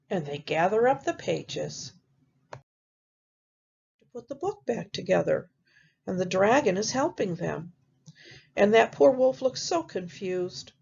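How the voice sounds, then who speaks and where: A woman, a teacher, reading a picture book aloud to children in a gentle, expressive storytelling manner. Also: medium pitch, vocal fry, husky, muffled recording.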